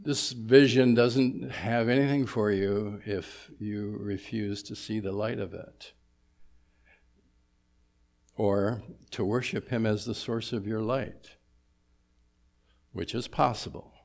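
A male pastor with a fairly low voice delivers a sermon in a church sanctuary. He talks to the congregation casually and breaks in with humorous asides. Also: fairly even intonation, slow, creaky, long pauses, darkish tone.

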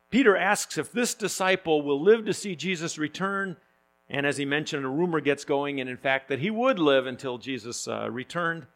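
A male pastor preaching a sermon in a conversational, joking way, often pausing with fillers and restarts. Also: a little high, creaky, fairly bright tone.

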